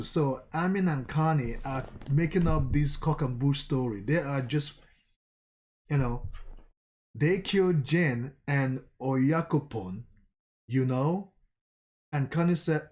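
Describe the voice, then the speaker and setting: A man's voice: a little high, a little mellow. A man reading a manga aloud and narrating, often stopping to restart or reread a line. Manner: slow, rereads and restarts lines. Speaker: manga reader and commentator.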